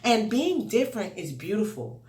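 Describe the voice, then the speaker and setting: A woman's voice: medium pitch, normal speed. A woman who teaches English online tells stories about her students in a casual, chatty way, speaking straight to her viewers. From United States. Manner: animated, chatty, addresses viewers directly. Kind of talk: casual vlog storytelling.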